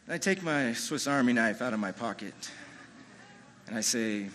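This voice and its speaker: Lively bright-voiced man telling a story. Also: medium pitch, moderate pace, a little hiss or hum, poor audio. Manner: conversational, full of "you know" and "like"; amused, chuckles through the telling. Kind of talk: live first-person storytelling. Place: hotel ballroom stage.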